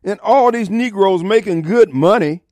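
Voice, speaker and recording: A man's voice: high-pitched, normal speed, mellow, dry recording, studio quality. A middle-aged man hosting talk radio, ranting in a combative, mocking, preachy way. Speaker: radio talk show host. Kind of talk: opinionated talk radio monologue. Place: radio studio.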